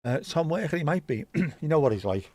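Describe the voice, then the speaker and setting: A man's voice: a little high, sing-song, fairly quick, a little mellow, no echo. A man hosting a live match watchalong, chatting casually and rambling between dad jokes. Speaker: watchalong host.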